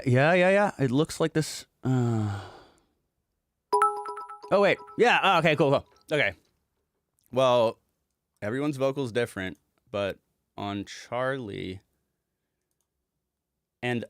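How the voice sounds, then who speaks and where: A man's voice: mid-range voice, dry recording, clean studio sound. A man casually walking through a song's production session as a music producer, chatty and rambling and swearing now and then.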